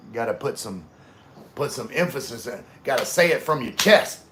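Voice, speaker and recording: A middle-aged man from Louisiana talks in a relaxed Southern drawl, chatting with his livestream viewers. His voice sits at an ordinary male pitch. Faint noise hums under the recording. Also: moderate pace. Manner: laid-back, drawling, chatty, greets viewers by name. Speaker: livestream host. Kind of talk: casual live chat reading comments.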